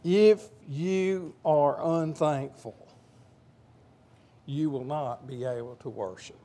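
A man's voice: fairly high pitch, mellow. Folksy older man preaching. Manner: folksy, joking asides to the congregation; slows down and rises to stress key words. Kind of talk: informal sermon with a told joke.

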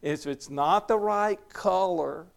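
A man's voice: high-pitched, slow, vocal fry. A middle-aged man, giving folksy, conversational Bible teaching and chuckling often. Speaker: preacher leading a Bible study.

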